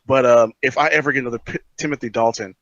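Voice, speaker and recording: A man with a mid-pitched, bright voice co-hosts a podcast, arguing his point at a quick pace. The sound is dry and dull, lo-fi. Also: fairly even intonation, dry recording. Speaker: podcast co-host. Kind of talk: casual chat. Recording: dull lo-fi recording.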